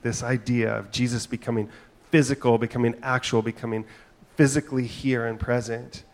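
A middle-aged man delivers a sermon as a pastor, speaking at an ordinary mid pitch. He talks conversationally, weaving in personal stories and frequent asides to the congregation. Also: flat delivery, normal speed. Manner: conversational, storytelling with asides and filler "right?".

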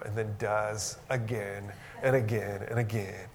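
A man's voice: on the low side, steady tone, normal speed, vocal fry, darkish tone. A man preaching a sermon in a conversational, earnest way, now and then rising into emphatic bursts. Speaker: pastor.

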